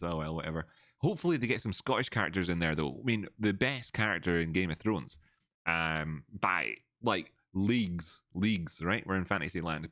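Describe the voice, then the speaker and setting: A man hosting a relaxed livestream chat from indoors. He rambles and restarts his sentences, and now and then reads viewers' messages aloud. His voice sits very low and the recording is dry and close. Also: no echo. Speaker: livestream host. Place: old building, indoors.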